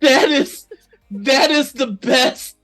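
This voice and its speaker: A woman's voice: high-pitched, slow pace, faint music behind. A woman co-hosting a casual stream chat, laughing often and swearing freely. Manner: laughing often, profane and animated.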